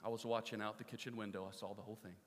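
A man voicing a soft-spoken, forgiving grandma. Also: lowish voice, little pitch movement, rapid-fire, big-room sound, voice pushed down, lightly acted. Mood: tender. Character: gentle loving grandmother, calm and forgiving.

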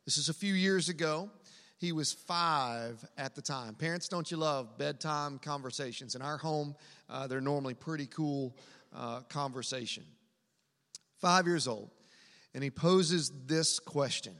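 A man's voice: fairly high pitch, measured pace, a bit bright. A man preaching a sermon as pastor, telling a family story in an earnest, conversational way. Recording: long hall reverb.

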